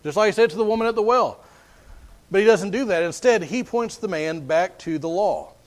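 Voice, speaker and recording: A man's voice: high voice, animated, a little fast. A man preaching a sermon in an earnest way, often repeating words as he builds his points.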